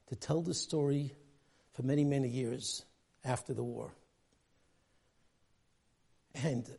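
A man giving a rabbi's sermon, telling a story in an animated way and dropping Hebrew and Yiddish terms. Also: mid-range voice.

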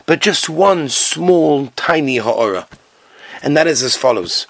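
A man's voice: fairly high pitch, lively intonation, a little slow, no room sound. A man giving a rabbi's lecture in an earnest, emphatic storytelling style, sprinkled with Hebrew and Yiddish terms.

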